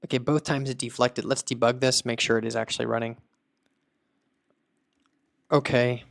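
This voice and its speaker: A man's voice: medium pitch, flat delivery, normal speed, gravelly. A man hosting a casual screen-recorded tech tutorial, thinking aloud as he tests and debugs a voice agent. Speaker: tech video creator building voice agents.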